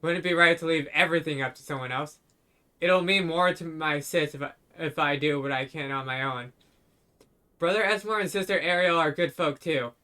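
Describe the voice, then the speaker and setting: A man reading out a young village boy in a fantasy game, speaking in a quiet, halting, folksy rural dialect. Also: a little high. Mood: somber.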